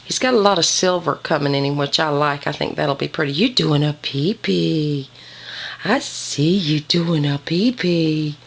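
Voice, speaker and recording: Gravelly woman cooing at puppies. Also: on the low side, measured pace. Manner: coos baby talk at puppies. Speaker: dog breeder. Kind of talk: home video narration.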